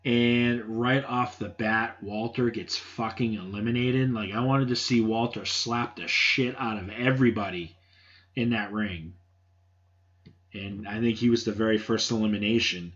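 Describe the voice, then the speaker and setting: Low-voiced guy ranting casually on his podcast, blunt and offhand, kinda muffled lo-fi audio. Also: a bit bright. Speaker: podcast host giving wrestling opinions. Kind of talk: casual solo podcast commentary. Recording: dull lo-fi sound.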